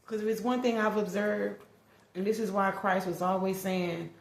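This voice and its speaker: Gravelly-voiced woman telling a family story. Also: medium pitch, fairly even intonation, normal speed. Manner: candid, emotional, lots of "like" and restarts. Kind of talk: personal storytelling monologue. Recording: echoey room.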